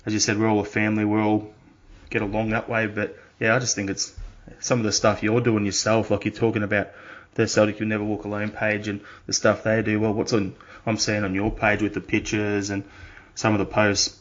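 A man's voice: fairly low pitch, monotone, fairly quick. A man hosting a podcast, joking in a laid-back, sweary casual chat. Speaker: podcast host. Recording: dull lo-fi audio.

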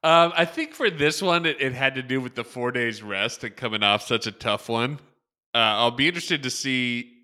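A man co-hosting a casual sports podcast, thinking aloud in halting, restarting sentences. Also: mid-range voice, sharp tone. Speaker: podcast co-host.

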